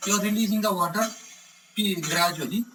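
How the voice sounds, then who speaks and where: Recorded on a far-off mic with background noise, a man gives an explanatory electronics lecture, walking through it step by step. His voice sits high and moves a little fast, and he keeps checking in with the class by saying "correct?"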